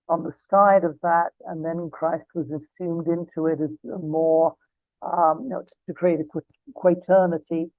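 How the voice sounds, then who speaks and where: Speaking in a slightly high voice, an English man in his seventies gives a long, rambling interview full of memories and thoughtful asides. The audio is dry, much like a phone call.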